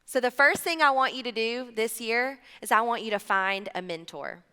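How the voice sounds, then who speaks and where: A woman, preaching a sermon in a chatty, animated way and acting out little bits of dialogue. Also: fairly high pitch, normal speed, clean tone. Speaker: church speaker. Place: large church hall. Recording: live church hall, reverberant, music behind.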